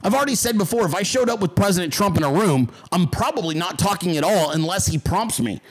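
A man with a high-pitched voice hosts a casual livestream. He talks in a blunt, combative way and swears freely. Now and then he mocks critics in exaggerated voices. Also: expressive, fast talker. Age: adult. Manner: mocks callers in put-on voices. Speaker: podcast host.

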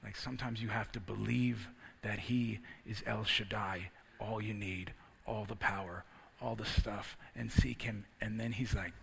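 Gravelly, husky male preacher. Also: on the low side, fairly even intonation, a little slow. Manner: personal story building to loud, emphatic preaching. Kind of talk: sermon.

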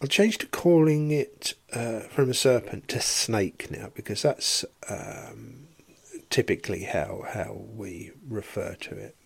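A man's voice: on the low side, takes it slowly, gravelly, slightly rough. A man teaching a Bible study in a podcast, explaining verse by verse and posing rhetorical questions.

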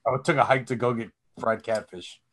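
A man's voice: mid-range voice, a little fast, a bit bright. A man in a casual chat, laid-back and teasing in his reactions.

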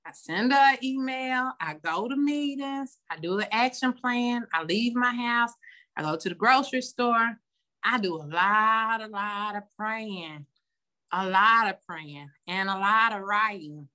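A woman speaks openly about her own recovery, her voice bright and forward. She rambles and pauses often with ums. The sound comes through a phone on a video call. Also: on the high side, animated. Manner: candid, rambling, many ums. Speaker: meeting member sharing. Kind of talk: personal recovery share.

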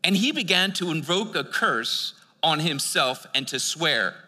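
A man's voice: a little high, animated, unhurried, pushed and bright, in a large hall. An American man preaching a sermon, reading scripture and breaking into casual, chatty explanations. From United States. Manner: reads scripture then explains it in casual asides; conversational, with filler words and restarts.

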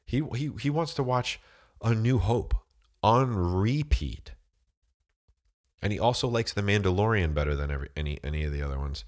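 A man's voice: fairly low pitch, lively intonation, moderate pace. A man with a cold, chatting casually to camera in a rambling, slangy way, full of "dude" and "bro". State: has a cold, voice deeper than usual.

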